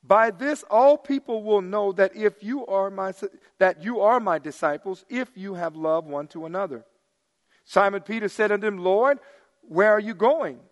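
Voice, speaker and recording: A middle-aged male pastor preaching in a high-pitched, lively voice. He swings between loud, emphatic bursts and quiet, hushed asides. His sermon rings out with a long reverb, as in a church sanctuary. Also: moderate pace, highs cut off.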